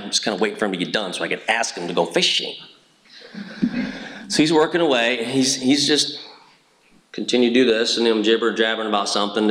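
A man's voice: lowish voice, a bit bright, low-quality recording. A middle-aged man from Indiana giving a personal testimony talk at church, telling stories earnestly with frequent fillers and restarts. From Indiana, USA.

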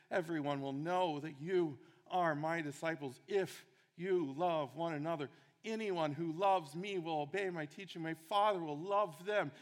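A man's voice: on the high side, in a large hall. A man preaching a sermon, earnest and emphatic, repeating key phrases for weight.

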